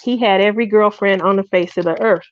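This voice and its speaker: A middle-aged woman hosting a craft livestream, chatting casually and telling animated stories while laughing often. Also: medium pitch, brisk. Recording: dull dry lo-fi stream audio.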